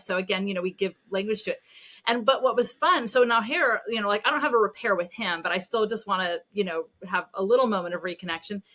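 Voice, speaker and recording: A middle-aged woman guesting on a podcast, her voice bright and forward. She tells family stories in a lively, self-deprecating way and pokes fun at herself. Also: medium pitch, quick pace. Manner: animated storytelling, self-deprecating. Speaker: podcast guest, parenting expert. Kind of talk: casual podcast conversation.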